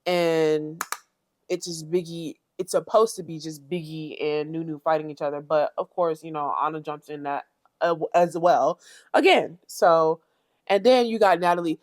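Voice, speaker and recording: A woman's voice: lowish voice, moderate pace, darkish tone, no echo, clean studio sound. A young woman hosting a reality TV recap, blunt, sassy and opinionated. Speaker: commentary channel host.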